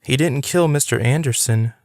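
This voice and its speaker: A man's voice: no room sound, clean studio sound, lightly acted. A man voicing a wary young woman. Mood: quiet. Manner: pitched up, quick-tempered.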